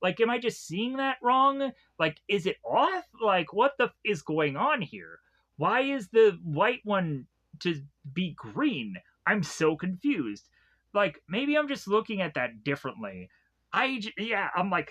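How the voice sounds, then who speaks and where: A man with a high, bright voice recaps episodes in a loose, chatty way. His pitch swings widely as he rambles, laughs often and swears without a second thought. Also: very animated, measured pace. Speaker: episode reviewer. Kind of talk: casual recap and commentary.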